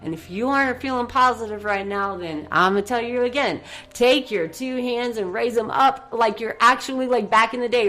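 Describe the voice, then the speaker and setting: A woman hosting a motivational radio show, leading a guided breathing exercise and cheering her listeners on in an effusive, upbeat way that swings from soft to excited. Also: a little high, normal speed, soft background music.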